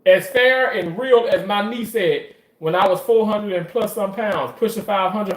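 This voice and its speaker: Animated profane man in a roomy space. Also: high-pitched, a little slow, hardly any pauses. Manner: animated, profane, emotional storytelling. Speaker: surgical staff commentator. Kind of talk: casual monologue. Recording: roomy echo.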